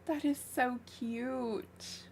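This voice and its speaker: A woman chatting casually on a live game stream from her room, soft-spoken and giggly, gushing over cute things. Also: high voice, fairly even intonation, extremely slow, vocal fry, slight background noise. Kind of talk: casual livestream chat while playing. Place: her own room, small fan running beside her.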